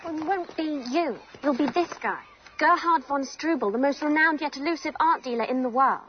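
A woman's voice: high voice, moderate pace, slight background noise, natural voice. An actress playing a playful young woman who lays out a con in a film scene. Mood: teasing. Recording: dull film soundtrack from a distance.

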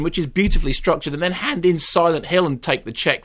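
An opinionated man talks films on the radio, his voice sitting a little high. He moves quickly from dry asides into exasperated, rising rants. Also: animated, a bit bright. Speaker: film critic. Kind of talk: radio film review chat.

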